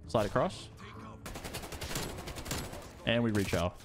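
An excitable young man talks over his shooter gameplay with a lively, jumpy pitch. He drops to tense mumbles and then bursts out loudly. Gunfire and faint music run under his voice. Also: a little fast. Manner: excitable, swings from mumbling to yelling. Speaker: gaming YouTuber. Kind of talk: live gameplay commentary. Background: game gunfire and music.

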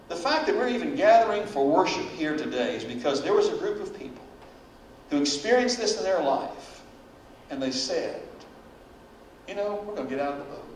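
A man preaching a sermon as pastor, dramatic and animated, acting out the words and prayers he quotes. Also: a little high, slight background noise. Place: church sanctuary. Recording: very echoey church hall, voice from far off.

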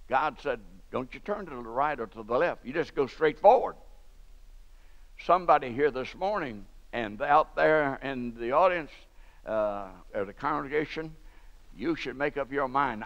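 Older fervent preacher with gravelly voice. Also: male voice, mid-range voice, a bit bright. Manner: fervent storytelling preacher, rising to emphatic peaks. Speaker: pastor. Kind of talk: sermon. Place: church sanctuary. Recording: dull lo-fi church recording with long reverb.

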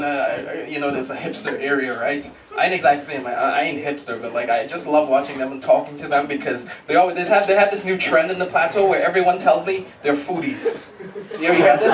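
High-voiced man doing profane stand-up. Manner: profane, rambling, restarts sentences. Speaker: stand-up comedian. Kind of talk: stand-up comedy set. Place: comedy club with live audience. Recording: echoey club, distant mic, loud crowd laughter.

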